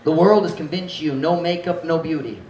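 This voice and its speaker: A man preaching in a church hall, his slightly high voice carrying through a roomy, echoing space. He sounds a little distant from the mic, with faint room noise underneath. He swings from shouted exhortation to quiet earnestness, dropping in Visayan phrases. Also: normal speed. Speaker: pastor. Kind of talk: sermon.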